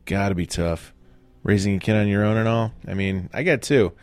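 A man performs a comic ad spot in a blunt, crude manner. His voice is very deep. Faint music plays in the background. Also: moderate pace, a little mellow, clean tone. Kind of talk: comedy sketch ad.

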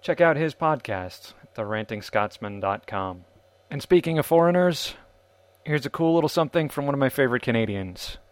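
A man's voice: mid-range voice, lively intonation, moderate pace, no room sound. A man hosting a podcast, reading scripted narration in a wry, self-deprecating way. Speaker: podcast host.

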